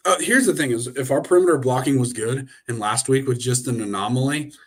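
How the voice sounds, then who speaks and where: A man's voice: medium pitch, fairly quick, slight background noise. A young man hosting a sports live stream, ranting and rambling with lots of fillers and restarts, talking straight into his camera. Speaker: sports show host. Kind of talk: casual live stream chat. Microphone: webcam.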